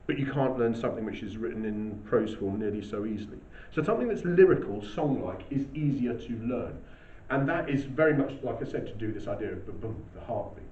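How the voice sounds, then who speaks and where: A man's voice: medium pitch, darkish tone. An English man teaching a school lesson, explaining step by step and often checking with "okay?". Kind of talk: classroom lesson. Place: classroom. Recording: distant, dull, roomy with faint hiss.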